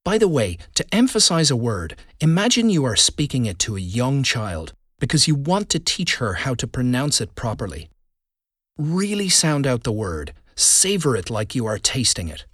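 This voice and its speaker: Man giving an animated, emphatic speaking lesson. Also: medium pitch, dry recording, clean studio sound. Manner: deliberate, emphatic delivery with stressed keywords. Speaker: public speaking coach. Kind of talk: scripted instructional narration.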